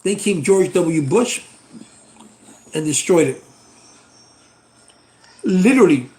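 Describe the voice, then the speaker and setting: A man's voice: high voice, animated, takes it slowly, mellow, roomy sound. A middle-aged American man, a channel host, delivering a blunt, exasperated political rant straight to camera and swearing freely. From United States.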